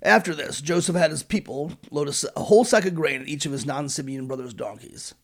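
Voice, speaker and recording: Sarcastic, gravelly male comic narrator. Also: a little high, fairly quick, a bit bright. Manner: sarcastic, profane. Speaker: podcast host. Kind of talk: irreverent comedic narration.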